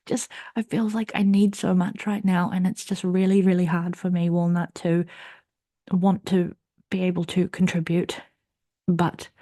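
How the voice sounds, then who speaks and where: Woman podcast host, young adult, candid rambling monologue, low even voice, dry close sound. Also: dry recording. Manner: candid and rambling, with restarts and soft laughs. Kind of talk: personal confessional monologue.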